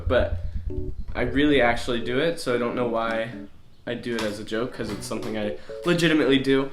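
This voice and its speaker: A young man in his late teens chatting casually to camera, rambling and poking fun at himself. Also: medium pitch. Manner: rambling, self-mocking, goofy. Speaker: vlogger. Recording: echoey room with guitar music.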